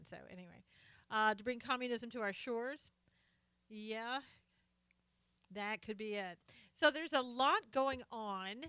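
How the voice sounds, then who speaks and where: A woman's voice: medium pitch, pushed and bright, smooth, no room sound. A woman hosting a casual live stream, chatting, greeting viewers by name and reading their comments aloud, often trailing off with fillers.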